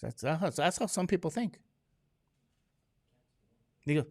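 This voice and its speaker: A male teacher lecturing in a classroom, whose voice swings high and low as he jokes with his students. He asks the class one question after another, and he sounds a little drowsy from medication. His voice sits somewhat high for a man. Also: animated, a little slow, a little mellow.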